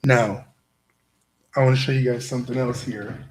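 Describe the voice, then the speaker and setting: A man's voice: medium pitch, steady tone, moderate pace. A man hosting a show and giving a motivational talk to a live audience. He is emphatic and repeats himself, often tossing "right?" back at the crowd. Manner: emphatic, repetitive, keeps asking "right?". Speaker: show host.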